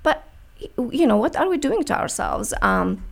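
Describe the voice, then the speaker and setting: Earnest woman from the middle east on a radio show, bit of vocal fry, lots of um and you know. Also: high-pitched, animated, moderate pace. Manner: earnest, many fillers and restarts. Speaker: guest, beauty brand founder. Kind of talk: radio interview.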